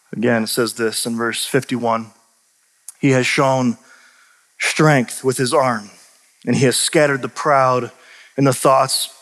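A man preaching a sermon, animated and emphatic, often restarting his sentences. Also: medium pitch. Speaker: pastor and teacher. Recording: long reverb of a large hall.

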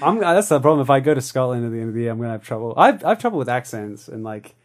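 A man's voice: mid-range voice, very animated, racing. A young man hosting a casual podcast chat, rambling, swearing and acting out quoted lines. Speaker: podcast host.

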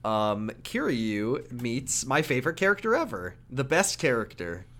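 Male co-host, casual game recap, animated delivery, ordinary mid-range voice. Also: medium pitch, unhurried. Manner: animated, acts out character lines.

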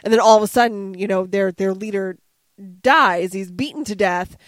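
A woman's voice: mid-range voice, normal speed, no echo. Chatty woman discussing a film. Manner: chatty, many fillers, rambling asides. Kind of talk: casual movie discussion.

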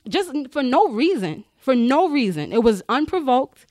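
A woman with a slightly high voice, speaking at normal speed, recounts candid tales from her corrections officer job in a podcast chat. She swears freely and mimics the people she's quoting. The studio-quality recording has no echo.

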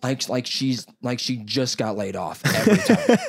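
A man's voice: mid-range voice, huge pitch swings, moderate pace, vocal fry, husky. A young man telling a story in casual chat, rambling, swearing often and acting out what people said. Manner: rambling, swears a lot, acts out quotes.

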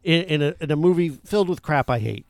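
A man chatting casually about a film, rambling and full of fillers. His voice sits a little high and sounds dry and close, with no room behind it. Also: lively intonation, fast talker, gravelly, no room sound. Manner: rambling, enthusiastic, many fillers. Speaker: podcast co-host.

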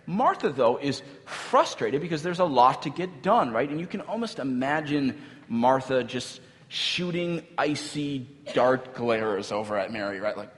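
A man's voice: mid-range voice, lively intonation, a little slow, fairly bright tone. A male pastor giving a sermon in a casual, conversational way, with filler words and light laughs. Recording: long hall reverb.

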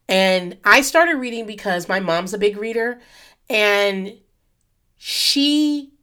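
A woman's voice: mid-range voice, a bit bright. Woman podcast host, thirties, casual solo rant, profane, rambling tangents, close podcast mic. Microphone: podcast microphone.

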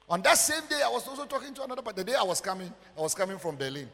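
A male pastor with a Ghanaian English accent, preaching emphatically and swinging from loud outbursts to quiet murmurs. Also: sits high, sing-song, racing, few pauses. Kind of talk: sermon. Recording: long church hall reverb.

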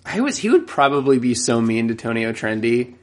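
A man's voice: medium pitch, very animated, a little fast. A man in his twenties co-hosting a podcast, chatting casually, swearing freely and laughing often. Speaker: podcast co-host. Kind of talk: casual chat.

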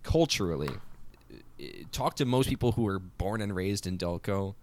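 Deep-voiced man with a Philadelphia accent. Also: moderate pace, dry recording. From Philadelphia area. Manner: animated storyteller, playful, self-deprecating. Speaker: guest. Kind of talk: casual podcast chat.

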